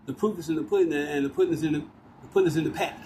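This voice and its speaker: A man racing through his words in a slightly high voice rants agitatedly at his phone camera outside among walls and concrete. The rambling tirade is profane and repetitive, with noisy background sound.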